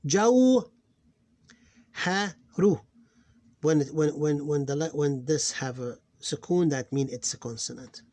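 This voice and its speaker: A man teaching a phonics lesson, explaining step by step and sounding out syllables loudly. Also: on the high side, steady tone, moderate pace, few pauses.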